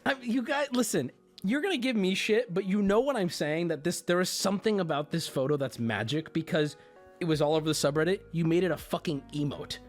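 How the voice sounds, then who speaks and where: A livestreamer in casual chat with viewers, loose and full of swearing. The voice sits at a middle pitch. Soft music runs faintly behind. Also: brisk. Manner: loose, profane, talks straight to chat.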